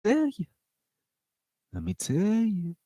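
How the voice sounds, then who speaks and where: A man putting on a loud, high, threatening voice as a hot-tempered protective father. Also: huge pitch swings, takes it slowly, no room sound, heavily acted. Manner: shouting, threatening.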